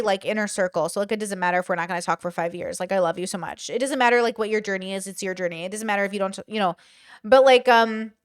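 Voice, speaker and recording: A woman commentator talking casually about culture, who gets louder and more opinionated when excited. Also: medium pitch. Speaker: online commentator.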